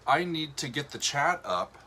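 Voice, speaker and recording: Bright-voiced man hosting a casual livestream. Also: fairly high pitch, moderate pace. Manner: relaxed, rambling with many fillers. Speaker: show host.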